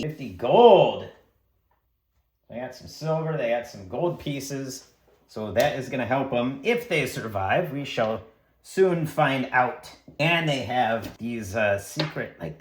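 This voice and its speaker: A man narrating his own solo tabletop role-playing game as game master, in a rambling, chatty way, excitable at dice rolls. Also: medium pitch. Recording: echoey room.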